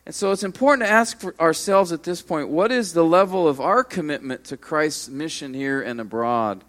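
A man preaching a sermon, earnest and emphatic, rising to strong peaks and then dropping low. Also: moderate pace, a bit bright. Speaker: pastor.

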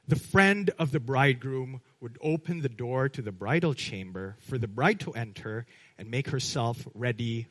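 A man with a Filipino accent preaching a sermon as pastor, pressing hard on key words, then letting phrases trail off softly and checking in with "right?". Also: medium pitch, poor audio.

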